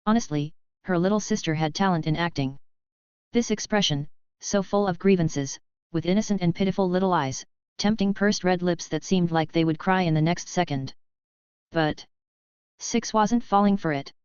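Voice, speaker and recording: Female narrator, low smooth voice, even storybook reading, dry muffled recording. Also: moderate pace, no echo. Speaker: audiobook narrator. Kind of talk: scripted narration.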